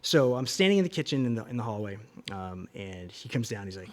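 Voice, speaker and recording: A middle-aged man co-hosting a podcast, telling an animated, profane story in casual chat, sometimes dropping to a whisper. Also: fairly low pitch, fast talker. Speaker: podcast co-host.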